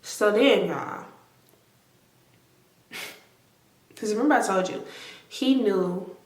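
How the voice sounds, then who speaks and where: A woman in her twenties telling a story to her viewers, animated and emphatic, with lots of swearing. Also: medium pitch, very slow. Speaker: vlogger. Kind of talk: casual storytime. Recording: roomy echo.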